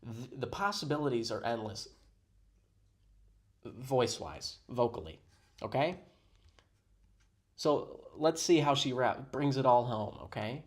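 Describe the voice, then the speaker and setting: A man's voice: medium pitch, animated, a little slow, long pauses. A man giving sarcastic, mock-serious commentary on a video he is playing. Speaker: reaction commentator.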